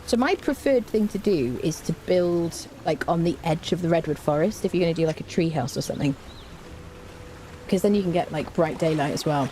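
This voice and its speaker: A woman streaming a survival game, chatting casually to viewers and humming little tunes as she plays, excitable and quick to jump up in pitch. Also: a little hiss or hum. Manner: chatty, hums and sings little tunes while playing; excitable, jumps high in pitch. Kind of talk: casual gameplay commentary.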